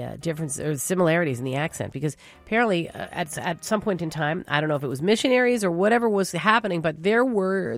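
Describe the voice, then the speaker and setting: Newfoundland woman radio host, lower voice, lively rise and fall, chatty, dry studio sound. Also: dry recording. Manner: chatty, loose, with fillers. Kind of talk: jazz radio hosting.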